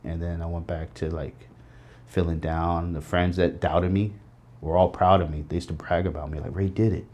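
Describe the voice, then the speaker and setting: This middle-aged man, an interview guest, reflects earnestly on his life, slipping into quoted voices as he narrates. His deep, darkish voice stays level and moves at a moderate pace.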